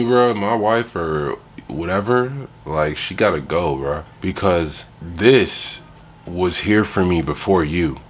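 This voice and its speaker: A man's voice: sits low, husky. A young man giving blunt, profane, laughing reaction commentary on a video. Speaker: reaction host.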